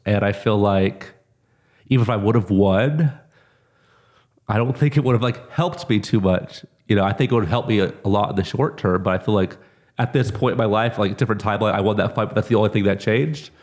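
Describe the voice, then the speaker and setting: A man being interviewed as a fighter, talking casually with lots of "like" and growing lively when he tells stories. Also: fairly low pitch, a little fast. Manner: relaxed, heavy use of "like", lively when telling stories. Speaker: MMA fighter, interview guest.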